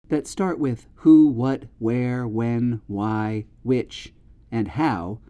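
A man teaching a podcast grammar lesson, explaining clearly and patiently and exaggerating his intonation in examples. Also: medium pitch, warm tone, lo-fi sound. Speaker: English teacher.

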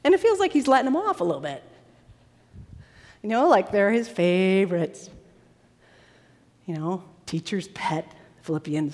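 A woman preacher giving a sermon in a large worship hall, with an animated and dramatic delivery. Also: medium pitch, a little slow, pauses often. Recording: long reverb of a large hall.

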